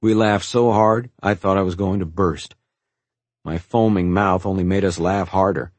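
A man with a very low, husky voice reads a first-person story in a calm, reflective way. The recording is dry and close, with no room around it. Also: moderate pace, no echo. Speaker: narrator. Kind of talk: first-person audiobook narration.

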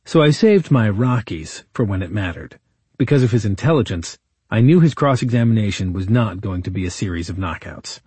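A man narrating a memoir audiobook in a measured, wry storytelling manner, as a defense lawyer recounting events. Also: fairly low pitch, lively intonation, mellow, husky, no echo.

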